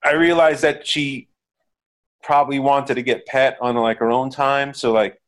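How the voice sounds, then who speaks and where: A middle-aged man, a musician and producer, talking as a guest in a casual interview, halting with many fillers. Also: medium pitch, fairly even intonation, a bit bright.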